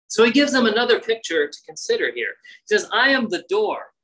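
A male pastor delivers a sermon in a bright, forward voice. He swings his pitch up and down to act out the people he quotes. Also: brisk, poor audio. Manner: expressive, acts out quotes with shifting pitch.

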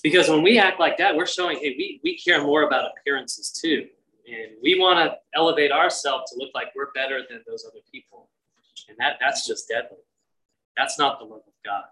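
A man preaching a sermon as pastor, earnest and conversational, often dropping to a hushed voice. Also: on the high side, very animated, fairly quick, recorded from a distance, poor audio.

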